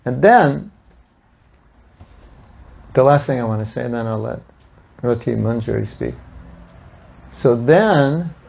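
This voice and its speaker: Older man, gravelly voice, mid pitch, lively storyteller, talks to a gathering, animated quoting. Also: slow pace, pauses often, dull audio. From United States. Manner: animated storyteller, acting out quotes with laughs. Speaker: speaker at a devotional gathering. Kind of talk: storytelling talk to an audience.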